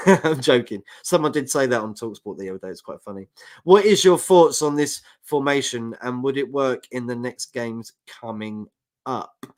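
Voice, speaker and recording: Male football co-host, London accent, chatty banter, mid pitch, reads out comments. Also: expressive, moderate pace. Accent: London English. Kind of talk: casual chat.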